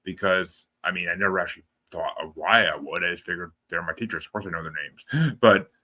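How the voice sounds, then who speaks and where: A man's voice: deep voice, fairly quick, sharp tone. A young adult man hosting a casual interview, talking loosely, swearing offhand and laughing often. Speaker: podcast host.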